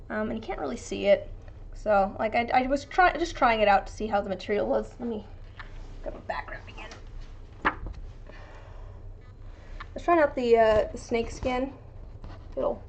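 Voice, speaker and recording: Young woman, slightly high voice, chatty, rambling, casual live-stream talk. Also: highs cut off, slight background noise. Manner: chatty, rambling, frequent fillers and restarts. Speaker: resin dice maker streaming her craft.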